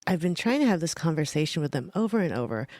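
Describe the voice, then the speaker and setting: A podcast co-host in their thirties with a mid-range voice, chatting casually in a wry, relaxed way. The voice is dry and close to the mic, with no room echo. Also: mid-range voice, fast.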